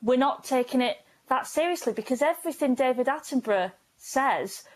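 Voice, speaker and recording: Brief: woman comedy panelist, high and lively, laughing banter. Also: fairly quick, poor audio. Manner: animated, laughing, breaks into impressions.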